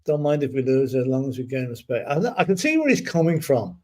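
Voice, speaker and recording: A man co-hosting a casual fan chat show, speaking in a measured, agreeable way with halting restarts. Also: medium pitch, big pitch swings, crowd noise. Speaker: co-host of a fan channel show.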